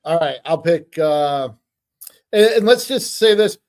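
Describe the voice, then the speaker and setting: A man's voice: a little high, animated, unhurried, a little mellow. A middle-aged man co-hosting a podcast, telling stories in a rambling, hesitant casual chat. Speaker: podcast co-host.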